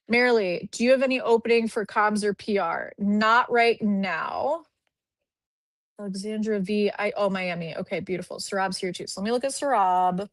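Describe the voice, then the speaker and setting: A woman with a medium-pitched voice, recorded without echo, live streams as a recruiter, going over profiles in her home office with a dog close at hand. She's chatty and positive, thinking aloud as she clicks along.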